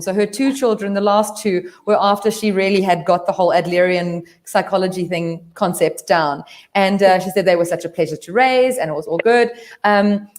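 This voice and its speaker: A woman's voice: mid-range voice, a little mellow. A woman from South Africa in casual panel chat, talking earnestly in long rambling stretches with many fillers and restarts. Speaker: panel member. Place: video call.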